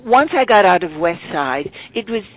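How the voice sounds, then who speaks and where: A woman in her eighties telling stories as an interview guest, animated and acting out the people she quotes. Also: medium pitch, moderate pace. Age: 80s. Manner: animated storyteller, acts out quotes. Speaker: guest performer. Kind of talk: storytelling interview. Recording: phone-like narrow sound.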